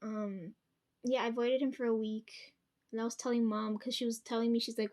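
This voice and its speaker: Young woman, higher voice, a bit hoarse. Casual vlog storytime, rambling, swears a lot, frequent ums. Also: little pitch movement, brisk, a little mellow. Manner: rambling and profane, many ums and restarts. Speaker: vlogger. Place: at home.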